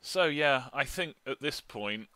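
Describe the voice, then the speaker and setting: A man's voice: medium pitch, animated, a little slow, pushed and bright, no room sound. A man playing in an online tabletop game, chatty and laughing often. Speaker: player. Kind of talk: casual chat during a tabletop game.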